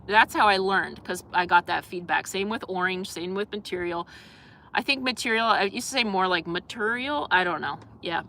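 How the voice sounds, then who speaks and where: Bright-voiced woman chatting on a live stream. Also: medium pitch. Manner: chatty, rambling with many fillers, reads out viewer comments. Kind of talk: casual live-stream chat with viewers.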